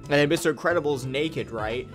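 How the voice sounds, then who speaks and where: A man's voice: fairly high pitch, brisk, music in the background. A young man recapping a film as a rambling, crude comedic parody, slipping in silly voices. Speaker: guest reviewer.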